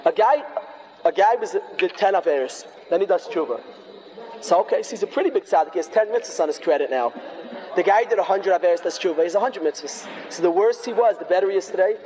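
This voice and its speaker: A man preaching an excitable, folksy sermon sprinkled with Hebrew and Yiddish terms. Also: high voice, quick pace. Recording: long hall reverb.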